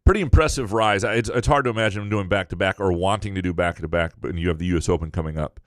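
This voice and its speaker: A deep-voiced man in his forties talks sports on a casual podcast as a sportswriter, weighing players with lots of "uh" and "you know" and laughing easily. The sound is close and dry, with no room echo. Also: quick pace. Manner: thoughtful analysis with many fillers, easy laughter.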